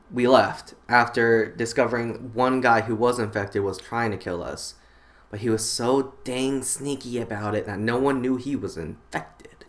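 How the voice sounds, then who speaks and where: A man's voice: mid-range voice, fairly bright tone. Man in a mid-range voice, telling a dream story casually on camera, rambling and restarting often. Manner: rambling, lots of fillers and restarts. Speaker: channel host.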